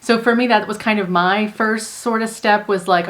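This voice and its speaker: A young adult woman, a manifestation coach, explaining a technique calmly and earnestly step by step in a casual teaching talk. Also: mid-range voice, normal speed. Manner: calm, earnest explaining in spoken steps.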